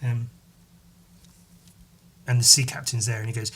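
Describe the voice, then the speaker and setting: Man, podcast host, casual rambling monologue, swears a lot, mid-pitched voice. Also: level tone, moderate pace, pauses often, bright, forceful tone, breathy edge. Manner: rambling, swears freely, many fillers.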